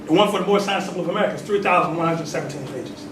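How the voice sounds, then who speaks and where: A man's voice: fairly high pitch, racing. A man in his forties preaching in a temple hall. He reads aloud, laughs between points and asks the congregation questions. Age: 40s. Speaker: religious teacher. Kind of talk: sermon with call and response. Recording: echoey hall, mic at a distance, noisy.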